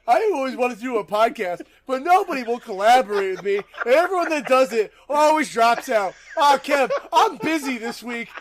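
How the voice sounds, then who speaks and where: A man's voice: extremely high pitch, voice pushed up. A man mocking a whiny flaky podcaster. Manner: mocking, complaining whine. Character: whiny flaky male podcast co-host, self-pitying.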